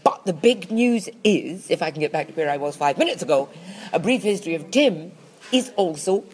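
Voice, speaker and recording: A woman's voice: fairly low pitch, animated, fairly quick, darkish tone. A woman co-hosting a comedy podcast in a dry, teasing, precise manner. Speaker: podcast co-host. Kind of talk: casual comedic chat.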